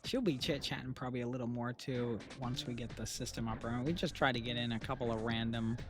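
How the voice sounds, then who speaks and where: A man's voice: medium pitch, steady tone, fast. Rambling man chatting on a stream. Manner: rambling and venting, with frequent restarts. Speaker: streamer running an AI VTuber channel. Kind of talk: casual stream chat. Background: music playing under the talk.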